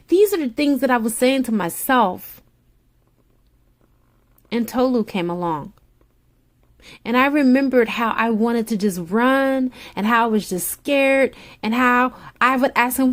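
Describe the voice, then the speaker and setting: A woman tarot reader with a somewhat high voice speaks a little slowly, addressing the listener directly. She gives a soothing spiritual pep talk, repeating her encouragements.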